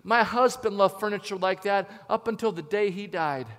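A man voicing a chatty saleswoman who has lost her husband, in a high, bright voice. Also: normal speed. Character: chatty grieving widowed saleswoman. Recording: long hall reverb.

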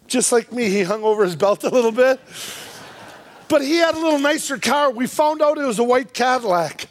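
A man with a strikingly high voice tells a funny story from the pulpit of a church, putting on the voices of the people in it. Toward the end he turns earnest and hushed as he speaks to the congregation as a visiting youth speaker. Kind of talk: humorous storytelling sermon.

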